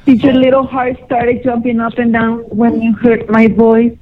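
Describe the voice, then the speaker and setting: High-voiced woman on a tinny phone line. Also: flat delivery, normal speed, crowd noise. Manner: chatty, rambling, flirtatious. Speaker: caller. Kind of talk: casual phone chat. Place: Los Angeles.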